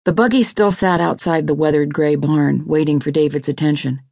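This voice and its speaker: Low gravelly woman narrating an audiobook. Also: normal speed, dry recording, studio quality. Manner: steady, even reading. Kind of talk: scripted narration.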